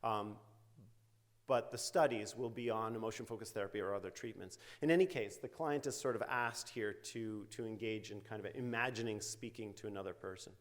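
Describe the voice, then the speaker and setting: A man's voice: fairly low pitch, a little fast. Middle-aged man giving a conversational lecture. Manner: conversational, frequent fillers and "right?" tag questions. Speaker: invited lecturer, psychology researcher. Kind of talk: academic lecture with quoted therapy examples. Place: university lecture hall.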